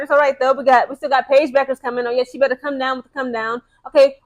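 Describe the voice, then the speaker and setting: Young adult woman, high-pitched, rapid casual chatter, excitable vlog host. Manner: excited, chatty, full of fillers and slang. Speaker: sports vlogger. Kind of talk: casual chat to camera.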